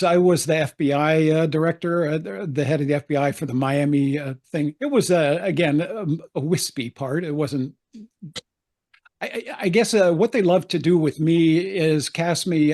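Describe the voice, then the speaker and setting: A man's voice: fairly high pitch, a little mellow. An older man, an actor, telling anecdotes in a chatty interview, laughing often and acting out the voices he quotes. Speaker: actor guest.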